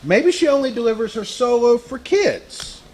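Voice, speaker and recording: A man playing a mild, patient father in a live old-time radio drama, soothing and gently dismissive. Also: extremely high pitch, big pitch swings, moderate pace. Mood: easygoing.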